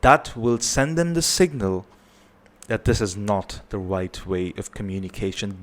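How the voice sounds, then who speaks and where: Earnest guy, kinda low voice, parenting tips, keeps saying right?. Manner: earnest, repetitive, tags points with "right?". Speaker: parenting advice presenter. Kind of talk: advice talk to camera.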